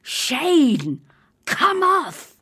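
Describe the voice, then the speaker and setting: A woman's voice: low-pitched, a little slow, dry recording, clean studio sound. A woman voicing an exasperated schoolteacher who calls out sharply and insistently from offstage in a dramatized story reading. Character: exasperated female schoolteacher calling from the wings.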